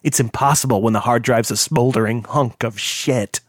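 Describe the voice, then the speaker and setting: A man's voice: mid-range voice, no room sound, lightly acted. A man putting on a furious heavyset hacker who hisses and rants, dragging out his bitter words and flaring into screams, voiced in a dry, close audiobook read. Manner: hissing, ranting, drawn-out bitter outbursts. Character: volatile heavyset male hacker, bitter, profane.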